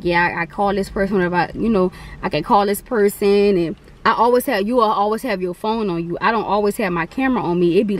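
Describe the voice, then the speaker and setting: A young adult woman, chatting casually and rambling on a mukbang vlog. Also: medium pitch. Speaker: vlogger.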